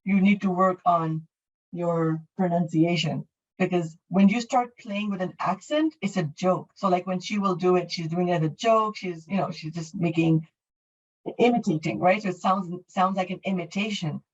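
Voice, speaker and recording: Answering questions in her online English class, a middle-aged woman from Canada explains things warmly, with lots of fillers and restarted sentences. Her voice sits low, the mic seems far away, and the high frequencies are cut off.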